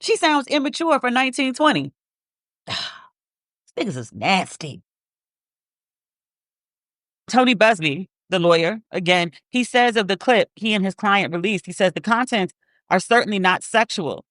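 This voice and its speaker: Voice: medium pitch, lively intonation, fairly quick, fairly bright tone, no echo. Blunt profane podcast host, dry close sound. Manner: blunt, profane and openly petty. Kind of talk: casual commentary podcast.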